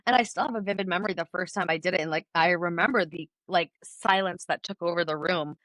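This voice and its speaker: Young woman talking super fast, bright voice, acts out all the quotes, dry mic. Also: fairly low pitch, no echo. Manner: animated storytelling, acts out quotes, laughs often. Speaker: podcast guest, author. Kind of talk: casual interview chat.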